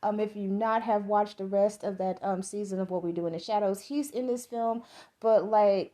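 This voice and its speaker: A woman's voice: fairly high pitch, warm tone. A middle-aged woman from the American South with a Southern accent, giving a rambling, profane, enthusiastic movie review as a podcast host.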